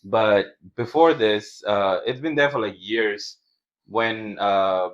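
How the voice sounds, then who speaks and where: A man's voice: on the low side, slow pace, highs cut off. A man co-hosting a podcast, chatting casually, teasing his friend and swearing often. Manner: crude, teasing, swears a lot. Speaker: podcast co-host. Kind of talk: casual chat.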